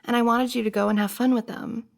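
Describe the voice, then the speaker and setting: A young woman in a whispered role-play, playing a flustered best friend who talks softly and earnestly, pleading and hesitant. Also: fairly high pitch, flat delivery, fast talker, gravelly. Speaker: ASMR roleplay performer.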